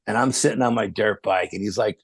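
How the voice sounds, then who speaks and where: Gravelly-voiced man from New telling a story. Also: on the low side, brisk, no echo. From New York. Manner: animated, acts out the voices of people in his stories. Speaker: podcast guest. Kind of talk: storytelling in a casual interview.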